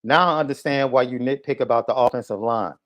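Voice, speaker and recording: Speaking fast in a mid-range, fairly bright voice, a male podcast host launches into a heated live rant aimed at a viewer. His tone is taunting and combative, he keeps repeating himself, and the stream's sound is muffled and low-fidelity.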